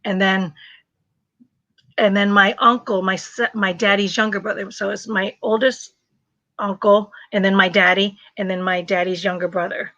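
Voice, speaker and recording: Bright, laughing woman telling her story. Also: medium pitch, normal speed, dry recording, dull audio. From refugee from a communist country, raised in the US. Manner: animated storytelling, laughs often, searches for words. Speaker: host. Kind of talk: casual live chat.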